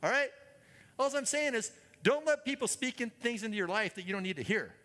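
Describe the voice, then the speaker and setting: A man preaching a sermon as a guest speaker, energetic and calling out to the congregation. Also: very high-pitched, brisk. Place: church hall. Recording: church hall reverb.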